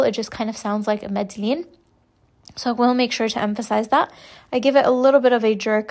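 A young woman teaching Quran recitation rules, explaining each point slowly and patiently. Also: fairly high pitch, a little mellow. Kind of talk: step-by-step tajweed lesson.

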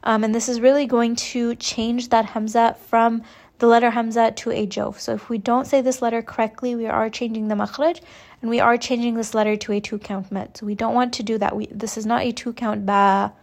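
A young woman teaching Quran recitation rules, explaining each point slowly and patiently. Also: on the high side, little pitch movement, darkish tone. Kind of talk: step-by-step tajweed lesson.

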